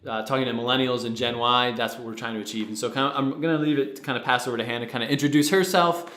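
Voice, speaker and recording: Young guy rambling on a podcast, mid-pitched voice, roomy echoey sound. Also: fairly even intonation, racing, a bit bright. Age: young adult. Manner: rambling, with many fillers and restarts. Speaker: podcast founder and co-host. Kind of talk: casual podcast chat. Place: studio with a producer present.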